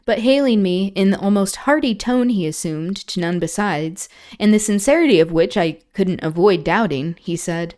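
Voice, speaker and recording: Woman streamer reading an old novel out loud, steady narrating voice, middle pitch. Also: normal speed. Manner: steady narration broken by casual asides. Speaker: streamer and host. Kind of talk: reading a classic novel aloud on a livestream.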